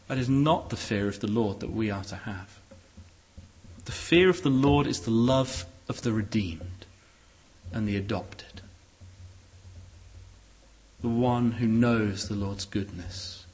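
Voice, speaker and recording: A man preaching a sermon in a church hall, expressive, with shifting pace and loudness. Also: mid-range voice, unhurried. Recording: echoey hall.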